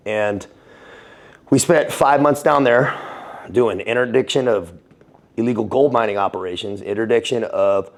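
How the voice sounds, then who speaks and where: An American man in a casual interview, telling military stories in an animated, profane way, laughing often and calling the listener dude. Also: lowish voice, moderate pace. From United States. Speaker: guest, former Navy SEAL and Foreign Legionnaire.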